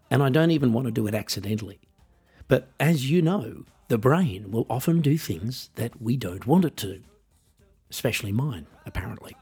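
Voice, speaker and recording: Husky Australian man, wry podcast host. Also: medium pitch, darkish tone. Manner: wry, self-deprecating, musing. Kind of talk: scripted solo monologue.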